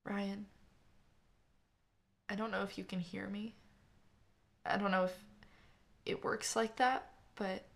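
A woman narrator voicing a grieving young woman who gives a halting, tearful eulogy for her brother. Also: medium pitch, fairly even intonation, creaky.

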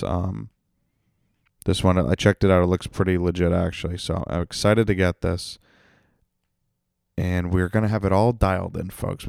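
A man's voice: low-pitched, gravelly, a little mellow, smooth, no echo, studio quality. A man hosting a comedy podcast, venting in a profane, ranting casual monologue.

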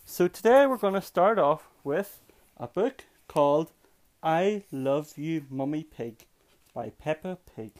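A man hosting a bedtime-story podcast, reading aloud to his child in a gentle, expressive way. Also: on the high side. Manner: gentle, expressive storytelling with slow drawn-out phrases.

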